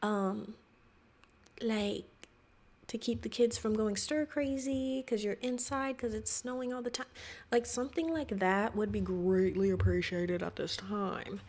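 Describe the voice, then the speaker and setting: A woman's voice: medium pitch, measured pace, darkish tone. Exasperated sarcastic woman reacting to a clip. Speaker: reaction video host.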